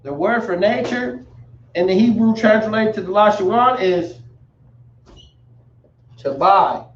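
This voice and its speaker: A man teaching a language lesson, spelling words out slowly with casual slang asides. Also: high-pitched, a little hiss or hum. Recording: roomy, dull, from a distance.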